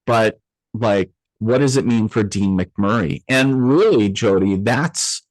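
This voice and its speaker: A man with a lowish voice tells a personal story as an interview guest. He talks loosely, with fillers and restarts, and acts out the voices of the people he quotes. The sound is dry and close, with no room echo. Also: slow pace.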